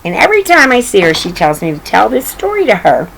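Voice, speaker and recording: A woman's voice: medium pitch, huge pitch swings, fast talker, vocal fry, fairly bright tone, a little hiss or hum, low-quality recording. An older woman reading a picture book aloud to children, chatting affectionately and pointing out the pictures. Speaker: story reader.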